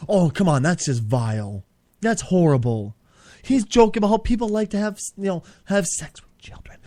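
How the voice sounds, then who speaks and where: A man hosting a comedy show, bickering and swearing, jumping between squeaky outbursts and low grumbling. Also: big pitch swings, normal speed, no room sound. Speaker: podcast host.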